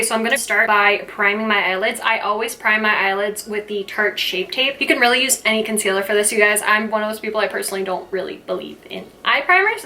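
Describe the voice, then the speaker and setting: A young woman beauty vlogger chatting excitably through a makeup review and tutorial, gushing and making personal asides to her viewers. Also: medium pitch, slight background noise. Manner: gushing, excitable, says "freaking" a lot.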